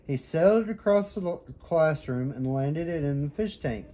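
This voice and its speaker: A man's voice: on the high side, moderate pace, a little hiss or hum. Man reading a bedtime story. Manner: expressive, animated reading.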